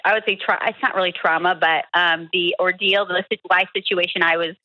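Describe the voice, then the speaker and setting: A woman in her thirties calling in to an advice show, speaking hesitantly with halting restarts and many fillers. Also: fairly low pitch, steady tone, no echo, lo-fi sound. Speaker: caller. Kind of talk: phone-in conversation.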